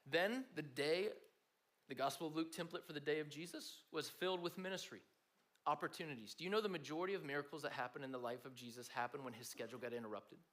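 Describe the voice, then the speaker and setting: A man's voice: on the high side, fast, a bit bright. A man giving a conversational sermon to a room of students, talking to them directly. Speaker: speaker at a student gathering.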